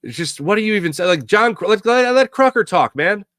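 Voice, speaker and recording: A man's voice: high voice, lively intonation, fairly quick, a bit bright, no echo, studio quality. A man hosting a sports talk show, ranting sarcastically and casually while reading viewer comments. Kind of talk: casual live-stream chat reading comments.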